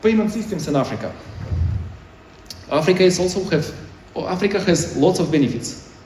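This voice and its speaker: A man's voice: high voice, lively intonation, brisk, darkish tone, a little hiss or hum. A man giving a conference talk in choppy, non-native English, with many restarts. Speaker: conference speaker. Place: conference hall. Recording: echoey hall, mic far off.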